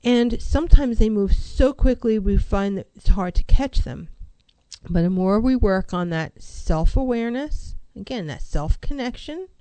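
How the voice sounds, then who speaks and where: A woman counselor speaks in a mellow, warm voice, recorded dry and close. She talks with emphasis, stacking rhetorical questions and repeating her key phrases to drive them home. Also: medium pitch, no room sound, rough recording. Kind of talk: motivational talk on mental health.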